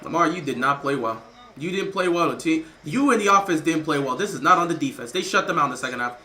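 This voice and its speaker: A man's voice: fairly high pitch, lively intonation, quick pace, pushed and bright. A man hosting a livestream, giving emotional, rambling live commentary on a football game as he watches, repeating himself and reading out donations. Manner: reads out viewer donations. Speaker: livestream host.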